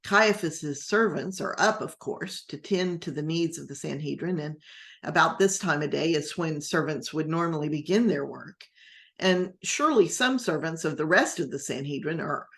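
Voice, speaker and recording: A woman pastor teaching a Bible class in a gentle, rambling storytelling manner, sometimes acting out the quotes. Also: deep voice, moderate pace.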